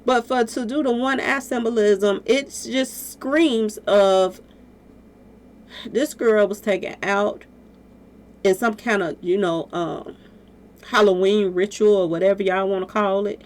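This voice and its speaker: Woman, casual commentary, lively rising voice, rhetorical questions to viewers. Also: medium pitch, measured pace. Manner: animated, talks straight to viewers, rhetorical questions. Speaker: commentary vlogger.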